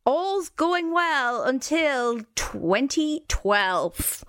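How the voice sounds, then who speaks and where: A woman co-hosting a chatty podcast, her voice sitting a little high. She tells the story with fillers and asides, and the sound is close and dry, with no room around it. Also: very animated, very slow, a bit bright, dry recording. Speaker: podcast co-host. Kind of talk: casual storytelling chat.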